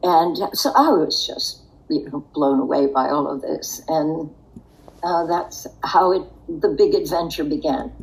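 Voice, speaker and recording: An older woman speaking in a low-set voice at a slow, unhurried pace. She looks back on her past with reflective pauses and the odd soft laugh, as an interview guest. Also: gravelly, low-quality recording. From United States. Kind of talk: interview storytelling.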